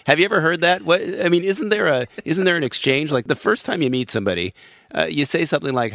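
A man co-hosting a podcast in casual comedic chat, halting and repeating words as he jokes. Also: a little high, big pitch swings, a bit bright, no room sound, studio quality. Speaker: podcast co-host.

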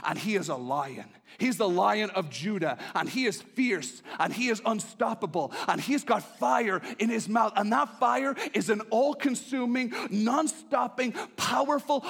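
A man preaching a sermon, impassioned and pleading, who moves from hushed tones to shouting and repeats his appeals. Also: high voice, measured pace, gravelly, hardly any pauses, breathy edge.

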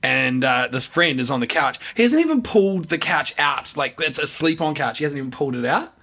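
A man co-hosts a casual podcast, spinning a rambling yarn full of restarts. His voice is gravelly with a lot of fry, and its tone is bright and forward. He sits at a middling pitch. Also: animated, a little fast. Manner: rambling storyteller with restarts, laughs often. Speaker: podcast co-host. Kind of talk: casual chat.

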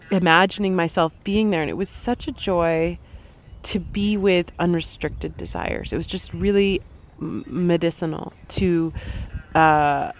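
A young woman hosting a podcast with a head cold, chatting casually in a rambling, playful way with lots of giggles and wordplay. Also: on the low side. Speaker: podcast host. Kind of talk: casual chat.

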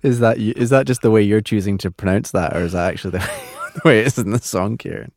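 A man co-hosting a podcast and guessing in a lyrics quiz, animated and self-mocking, laughing and groaning often. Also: fairly low pitch, fast, gravelly, dry recording, clean studio sound. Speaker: podcast co-host and quiz contestant. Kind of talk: casual chat.

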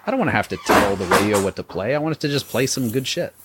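A man's voice: on the low side, lively intonation, fast talker, noisy background. A young man co-hosting a podcast, laid-back and rambling in casual chat. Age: young adult. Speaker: podcast co-host.

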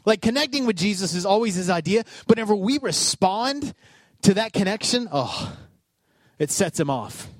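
A man preaching a sermon, animated and conversational, acting out voices and calling out to his congregation. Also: high voice, moderate pace, no room sound. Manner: animated storytelling with acted-out voices, calls to the congregation. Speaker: pastor.

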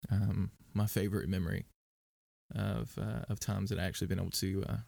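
A man with a low, gravelly voice talks casually in a podcast interview. He wanders through his answers with frequent fillers and restarts. The sound is dry and close. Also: flat delivery, fairly quick, dark tone, dry recording. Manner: rambling with many fillers and restarts. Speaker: worship leader and podcast guest.

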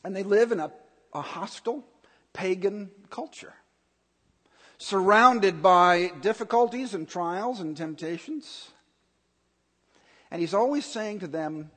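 A pastor preaching a sermon in an earnest, emphatic way, repeating key points. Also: male voice, high voice, animated, measured pace, fairly bright tone, big-room sound.

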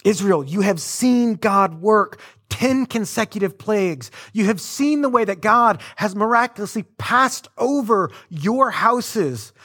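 A man preaching a sermon in a conversational, animated way, with casual asides to the congregation. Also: high voice, a little slow, few pauses. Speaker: pastor.

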